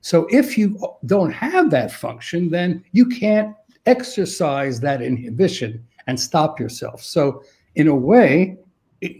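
A middle-aged man appears as a dementia expert, answering interview questions thoughtfully. He often restarts his sentences and stammers out repeats. His voice is a little high and slightly mellow.

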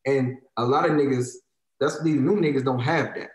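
A man's voice: medium pitch, fairly even intonation, normal speed, roomy sound, poor audio. A man in his thirties with an African American Vernacular English accent, ranting in casual talk; heated, profane and emphatic, repeating lines to drive his point home. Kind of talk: casual opinionated rant.

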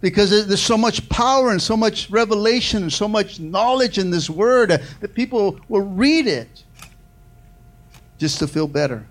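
Pastor guy preaching, kinda high voice, loud then soft, lots of amens. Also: lively intonation. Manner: preaching with call-and-response, repeated "amen" and "come on"; swings from loud and fast to soft and slow. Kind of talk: sermon.

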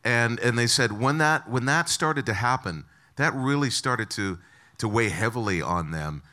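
A man's voice: mid-range voice, lively intonation, moderate pace, pushed and bright. A man hosting an interview, asking prompting questions in a casual way and often repeating words as he starts sentences. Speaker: interview host.

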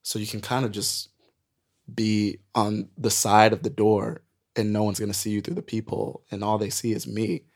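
A man guest on a podcast, telling a wild story in an animated, profane way and laughing at it. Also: lowish voice, normal speed. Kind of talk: casual storytelling.

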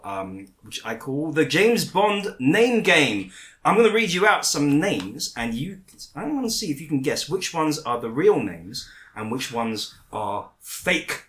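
A man's voice: medium pitch, fairly bright tone. A man hosting a casual comedy chat, joking and laughing often, with a few stammers. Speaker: podcast host.

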